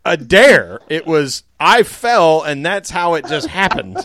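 A man's voice: on the high side, very animated, slow, fairly bright tone. Laughing, rambling podcast co-host man. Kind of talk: casual storytelling chat.

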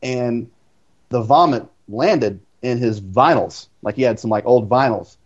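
A man's voice: mid-range voice, a little slow. A young man who is a guest on a podcast, speaking in a middling voice over a slightly dull, lo-fi line. He chats casually and fills his speech with "like" and restarts. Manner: filler-heavy, says "like" constantly. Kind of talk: casual chat.

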